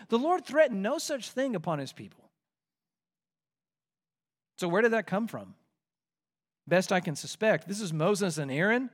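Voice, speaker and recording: A man preaching an expository sermon in an animated, conversational way as pastor. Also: high-pitched, a little slow, long pauses.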